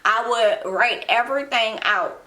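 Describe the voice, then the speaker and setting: A talkative woman, chatting in a casual vlog from her room at home. Her voice sits a little high and rings crisp and bright. She rambles freely, piling up fillers as she goes. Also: measured pace. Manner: chatty, loose storytelling with frequent fillers. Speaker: ER nurse and beauty blogger.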